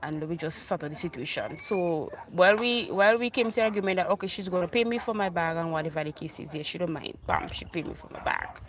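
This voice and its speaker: A woman with a Grenadian accent telling an animated storytime tale for her vlog, repeating herself in island dialect. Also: on the low side, quick pace, few pauses, slight background noise. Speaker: vlogger.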